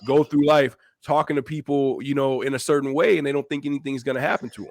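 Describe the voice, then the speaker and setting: Man, mid pitch, emphatic and profane, quiet to loud swings, casual podcast chat, dry recording. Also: fairly even intonation, quick pace, gravelly, no room sound. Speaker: podcast co-host.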